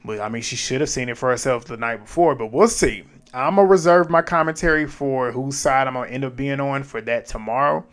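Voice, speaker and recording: Man, casual recap host, mid-pitched voice, animated retelling, blunt asides. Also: fairly quick, few pauses. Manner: animated retelling with quoted back-and-forth and asides.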